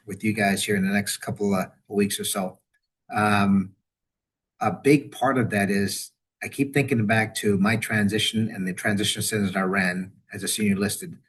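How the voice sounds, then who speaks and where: A man's voice: fairly low pitch, slightly rough. A middle-aged man, a university veterans director, talking as a webinar guest over a video call, rambling and restarting his sentences. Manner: rambling, restarts and repeats words, animated when quoting. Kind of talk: conversational webinar interview.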